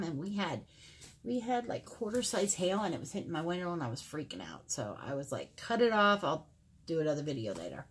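A middle-aged woman chatting casually to her viewers as she compares two makeup palettes, rambling with many fillers. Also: medium pitch. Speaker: beauty vlogger. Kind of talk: casual makeup review to camera. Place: home filming room.

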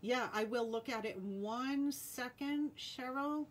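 A woman's voice: a little high, slow. A woman with a Rhode Island accent hosting a live jewelry sale, chatting casually and reading out viewer names and playing cards. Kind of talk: live-stream sales chat.

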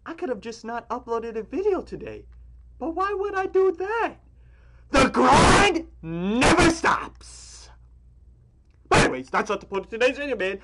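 A young man hosting a reaction video from a small room at home, loud and excitable, full of slang. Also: very high voice, very noisy. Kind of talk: casual reaction commentary.

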